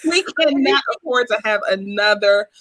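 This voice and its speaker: A woman's voice: mid-range voice, expressive, normal speed, fairly bright tone. A woman co-hosting a casual talk show, emphatic and repeating phrases for effect. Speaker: podcast co-host. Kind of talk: casual political chat.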